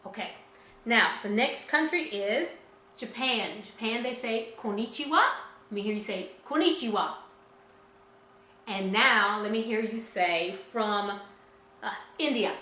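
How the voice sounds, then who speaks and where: A woman's voice: fairly high pitch, a little slow, pushed and bright, reverberant, slight background noise, low-quality recording. A woman teaching a children's music lesson in a cheerful, encouraging way, talking straight to the kids.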